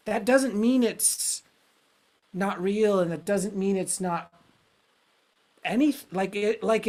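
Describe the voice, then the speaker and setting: A man hosting a podcast interview, talking frankly and at length in a loose, searching way, swearing freely. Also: high voice. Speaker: podcast host. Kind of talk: casual reflective conversation.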